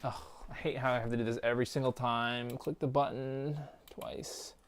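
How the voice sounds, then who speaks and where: A man streaming a hardware repair, thinking aloud in a quiet, offhand way and dropping jokey asides as he works. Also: medium pitch, fairly even intonation, normal speed, clean tone. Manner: mutters to himself, thinks aloud while working. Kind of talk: casual live-stream commentary while soldering.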